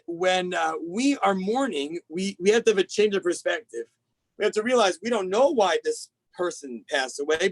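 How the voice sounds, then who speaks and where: A man, a rabbi, giving an animated sermon over a video call, telling stories and acting out the people in them. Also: no echo, low-quality recording. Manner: animated storytelling, acts out quoted rabbis with big pitch jumps. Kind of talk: Tisha B'Av sermon.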